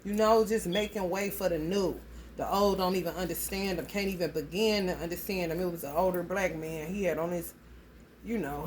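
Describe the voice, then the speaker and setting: An astrology vlogger with a lowish voice gives her viewers a casual spoken reading, blunt and heavily profane as she rambles loosely. There's slight background noise.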